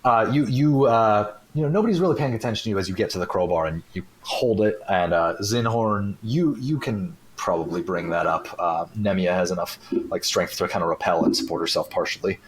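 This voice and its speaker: A man's voice: low voice, fairly quick. A man narrating as game master of a tabletop game in a rambling way, full of fillers.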